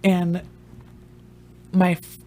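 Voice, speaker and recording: A woman's voice: lowish voice, very slow. A young woman casually telling a funny, profane story as a vlogger. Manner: animated, profane, joking.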